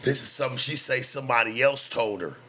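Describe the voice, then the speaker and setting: Talking at a quick pace, a late night talk show host in his thirties rants casually and profanely, boastful and defensive with heavy slang. His medium-pitched voice sounds pushed and bright, with a little hiss or hum.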